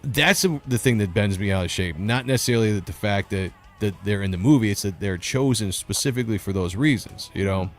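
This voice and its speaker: A man's voice: on the low side, fairly quick, few pauses, soft background music. A man hosting a casual livestream, reading chat comments and giving blunt opinions. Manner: blunt, opinionated, laughs often. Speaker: host reading live chat.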